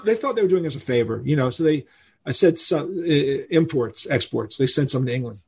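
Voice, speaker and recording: An older man, telling animated stories as a guest in a podcast interview and acting out the people he quotes. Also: fairly high pitch, normal speed, vocal fry, slightly rough. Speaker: guest musician.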